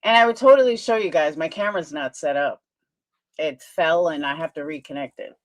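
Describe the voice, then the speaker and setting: A middle-aged woman livestreamer chatting casually and gushing over things in an animated way. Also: low-pitched, fairly quick.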